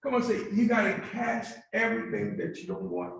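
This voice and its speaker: A man's voice: high voice, wildly swooping pitch, brisk, gravelly, a bit bright. A male pastor preaching a call-and-response sermon, coaxing the congregation to repeat his words after him. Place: church sanctuary. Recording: very echoey church hall from far off.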